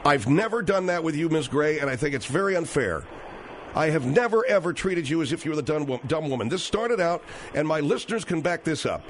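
A man's voice: a little high, animated, brisk, slight background noise. A man hosting a call-in radio show, defending himself and trying to keep a prickly guest on track. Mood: defensive. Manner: defensive, trying to placate and steer back on track. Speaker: radio talk show host.

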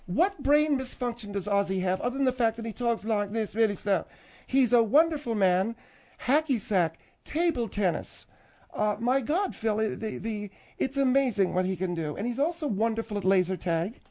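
A man's voice: high-pitched, expressive, normal speed, dark tone, pitched above the performer's own voice. Man putting on a feisty older lady singer. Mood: defensive. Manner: indignant, defensive, gushing. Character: feisty older woman, a former backup singer. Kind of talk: radio comedy sketch.

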